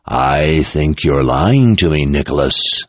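A man voicing a threatening male emperor who speaks through a possessed young soldier, in a deep, gravelly voice. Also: dry recording, exaggerated voice. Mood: menacing. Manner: slow, threatening, enraged at times. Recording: dull lo-fi recording.

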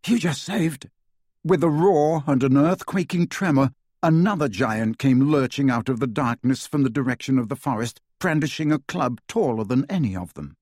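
A man's voice: medium pitch, normal speed, darkish tone, no echo, clean studio sound. A man narrating an audiobook dramatically, with varied pacing.

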